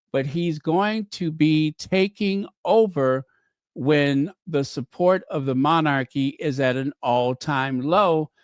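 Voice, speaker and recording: A man's voice: on the high side, no echo, studio quality. A man hosting a livestream, reading out viewer comments and giving emphatic commentary that repeats key phrases. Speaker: livestream host.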